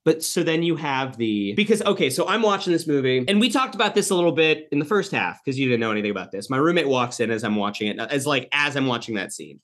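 Rambling, animated man talking movies. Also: mid-range voice, quick pace, hardly any pauses. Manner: rambling, animated, swears a lot, many fillers. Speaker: podcast co-host. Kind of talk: casual movie discussion.

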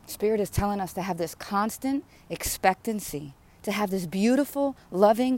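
A woman preaches a passionate spiritual sermon, repeating phrases in a rhythmic way as her fervor builds. Her voice is mid-range and a little mellow, at a moderate pace.

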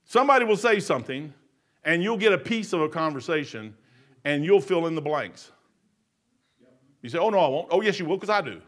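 An older man preaching a folksy sermon, telling stories and swinging from quiet muttering to loud, emphatic lines. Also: a little high, expressive, fairly quick, pauses often.

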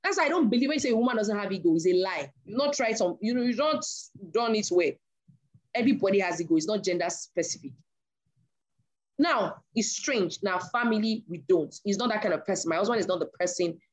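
A woman with a medium-pitched voice talks fairly quickly as she preaches a sermon. She tells an animated story from her own marriage, acting out the voices of the people in it.

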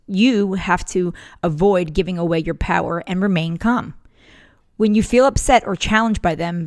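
A middle-aged woman hosting a parenting podcast, talking in an earnest, firm way and telling a family story. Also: medium pitch. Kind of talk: scripted podcast talk with personal story.

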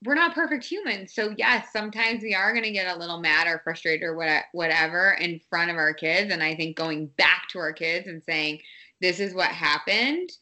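A woman in her thirties speaks in a casual podcast chat about raising her kids. Her voice is bright and a little forceful, and she talks candidly, restarting phrases and filling gaps with "um" and "like." She sounds relaxed and open. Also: lowish voice, brisk, few pauses. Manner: chatty, candid, many fillers and restarts. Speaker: guest, parent.

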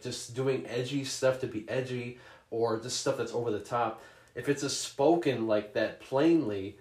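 Podcaster, man, mid pitch, swears a lot, animated storyteller, roomy echo. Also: recorded from a distance. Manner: profane, animated storyteller who acts out scenes. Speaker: podcast co-host. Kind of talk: casual chat.

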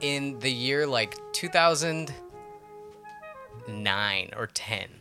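A man's voice: medium pitch, animated, slow pace, sharp tone, soft background music. A man hosting a casual podcast chat about films, rambling through tangents and laughing often. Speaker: podcast host. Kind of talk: casual movie-discussion chat.

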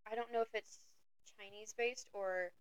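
A young woman co-hosting a book podcast, soft-spoken and hesitant with many ums. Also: medium pitch, fairly even intonation, moderate pace, dry recording, poor audio. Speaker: podcast co-host. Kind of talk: casual chat about books.

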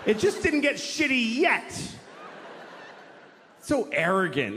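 Animated profane comedian, hall reverb. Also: male voice, high-pitched, takes it slowly. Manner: profane, exasperated ranting. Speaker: stand-up comedian. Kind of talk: stand-up comedy. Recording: long hall reverb, faint noise.

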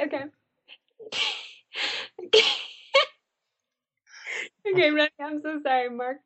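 A woman's voice: sits high, fairly even intonation, takes it slowly, pauses often, muffled recording. A woman who acts in a web series, giggling and apologizing through retakes of a short promo. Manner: giggly, apologetic, uses "y'all". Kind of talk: casual chat with retakes.

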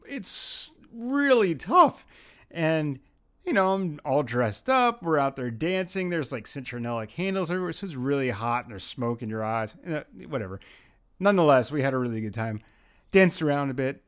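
A man hosting his own podcast from a home studio, talking casually in a rambling, self-mocking way. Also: mid-range voice. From Brooklyn, New York. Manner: rambling, self-mocking, with frequent restarts and fillers. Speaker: podcast host. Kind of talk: casual solo podcast monologue.

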